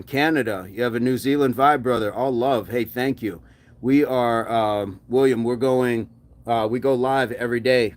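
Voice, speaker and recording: An American man hosting a daily fitness livestream, reading out chat comments and cheering viewers on in an upbeat, encouraging way. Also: on the low side. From United States.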